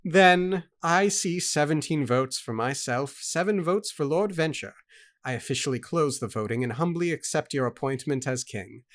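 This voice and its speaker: A man reading the lines of a formal lord who is newly made king, in a measured, formal way. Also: on the high side, fairly bright tone, close to an everyday voice.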